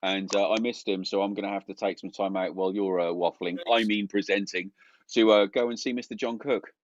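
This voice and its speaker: A man's voice: on the low side, fairly even intonation, fairly quick, lo-fi sound, slight background noise. A man with a Suffolk accent co-hosting a festival stream, bantering casually and jokingly, calling people mate. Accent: Suffolk English. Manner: jokey, laughing, chummy, calls people mate. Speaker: co-host of a harmonica festival stream.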